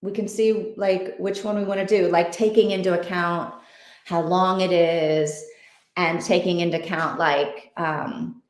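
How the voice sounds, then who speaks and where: A woman's voice: fairly low pitch, echoey room. A woman hosting an online reading group, chatting casually and thinking aloud with many fillers. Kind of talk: casual livestream chat.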